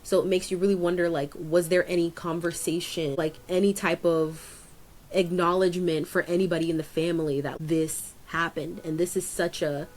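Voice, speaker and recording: A woman co-hosting a podcast in casual chat, rambling with many fillers and jumping up in pitch to stress a point. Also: level tone, normal speed. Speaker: podcast co-host.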